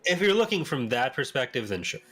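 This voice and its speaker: Canadian guy hosting a chill podcast, animated, laughs a lot, gets squeaky when arguing. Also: fairly quick. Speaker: podcast host. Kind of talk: casual podcast chat.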